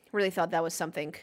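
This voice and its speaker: A woman with a fairly low-pitched voice streams a race watchalong, chatting casually into her desk mic. She jokes around and plays off her live chat.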